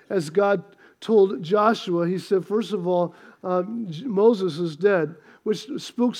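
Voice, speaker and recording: A pastor giving a sermon in church, telling stories with humor and getting the congregation to respond. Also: male voice, high-pitched. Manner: storytelling, lively and joking, asks the congregation to respond. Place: church sanctuary.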